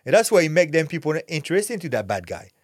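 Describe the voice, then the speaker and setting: Recorded in studio quality with no room sound, a middle-aged French-accented man from France talks fast in a voice on the high side. He's a podcast guest, an actor and fighter, swearing freely as he tells animated stories bluntly and candidly.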